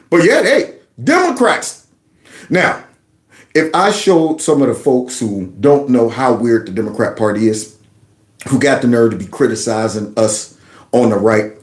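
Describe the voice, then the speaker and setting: A man hosting a political commentary channel, reacting to clips in an animated, mocking way. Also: fairly high pitch, echoey room. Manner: animated, mocking, mimics others in exaggerated voices.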